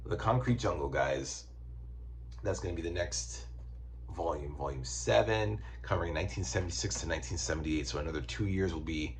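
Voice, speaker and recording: A man's voice: low voice, vocal fry, a little hiss or hum. A very tired man casually reviewing comic books on his channel, rambling and joking crudely.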